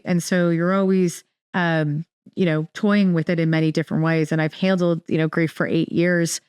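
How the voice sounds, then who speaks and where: Woman interview guest, lowish pitch, rambling restarts, dry close sound. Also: clear, resonant tone, dry recording. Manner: rambling, many restarts and fillers, animated retelling. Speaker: podcast guest. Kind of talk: casual interview storytelling.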